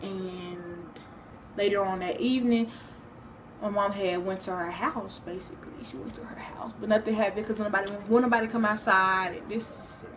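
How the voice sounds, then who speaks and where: A woman's voice: mid-range voice, fairly even intonation, normal speed, background noise. A young woman talking casually to her own vlog, rambling with many fillers and restarts. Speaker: vlogger. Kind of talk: casual personal vlog talk.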